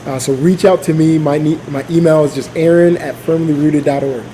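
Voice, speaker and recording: Casual church speaker, male, slightly high and warm, halting delivery with lots of fillers. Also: fairly even intonation, slight background noise, rough recording. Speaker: church leader. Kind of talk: informal sermon talk.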